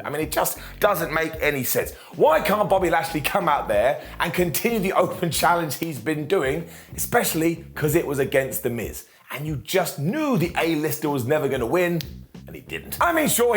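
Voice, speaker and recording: A man reviewing a wrestling show in a joking, sarcastic way, often quoting people in mock voices. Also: a little high. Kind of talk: animated wrestling recap.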